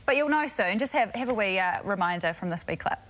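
A woman's voice: mid-range voice, animated, fast talker, fairly bright tone, a little hiss or hum. A woman co-presenting a live breakfast TV show, teasing her co-host and laughing often. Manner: giggly, teasing. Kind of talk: live studio banter. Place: TV studio.

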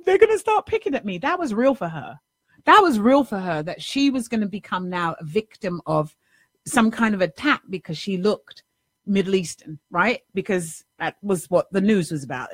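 A middle-aged woman host recounting a personal memory in an animated, conversational monologue. She circles back on her points and checks in with rhetorical asides, her voice at a middle pitch. The sound is dry and close, with no room around it. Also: no room sound. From New York City. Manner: animated, repeats herself, rhetorical "right?" asides. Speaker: life coach and host.

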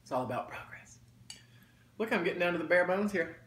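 Brisk and expressive, this man's high, slightly bright voice carries his folksy chatter to viewers as he eats for his mukbang channel. The audio is roomy and echoey, with some faint noise behind him.

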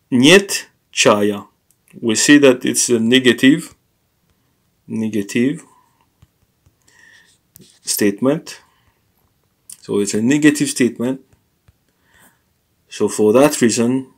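A man teaching a language lesson, explaining grammar in a hesitant way with many pauses, fillers and self-corrections. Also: on the low side.

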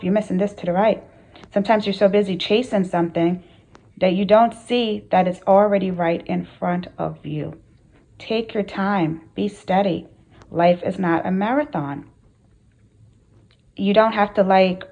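A woman's voice: medium pitch, warm tone, low-quality recording. A woman hosting her channel, speaking earnestly to camera in a casual motivational talk, with repeated phrases and rhetorical questions. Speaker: spiritual coach and channel host.

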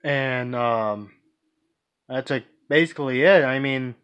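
A man's voice: medium pitch, takes it slowly, fairly bright tone, smooth. A man vlogging casually, answering viewer questions in a rambling, hesitant way with many restarts and fillers. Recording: dull lo-fi recording.

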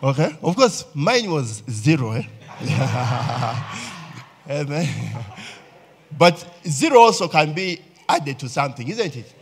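A man's voice: fairly high pitch, big pitch swings, takes it slowly. A Ugandan man preaching a sermon as pastor, talking conversationally and often checking in with the congregation with "eh?" and "okay?".

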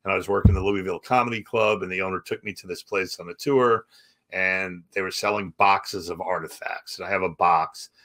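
Male comedian guest, low and bright-toned, lively storyteller who acts out the dialogue. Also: a little fast. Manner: animated storyteller, acting out other people's lines. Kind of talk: storytelling in a podcast chat.

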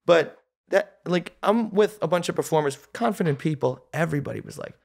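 A male comedian telling stories as a guest on a casual podcast, with an animated, storytelling manner. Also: fairly high pitch, brisk, gravelly.

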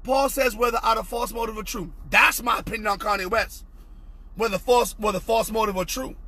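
A young man preaching an impassioned online sermon, fervent and repetitive, often shouting, with a husky voice. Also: sits high, fairly even intonation, fairly quick. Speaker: pastor.

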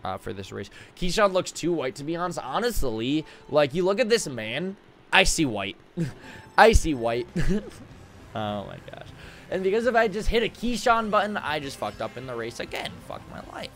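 A young man streaming a game from a home room with acoustic foam, rambling excitably, swearing and laughing often. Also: a little high, moderate pace, slight background noise. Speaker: gaming streamer. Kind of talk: casual live-stream commentary while gaming.

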